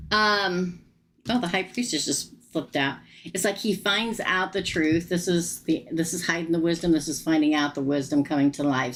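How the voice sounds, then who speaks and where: A woman's voice: on the low side, slight background noise. Chatty woman tarot reader, laughing. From United States. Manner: animated, laughs often, chatty. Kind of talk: live-stream tarot reading.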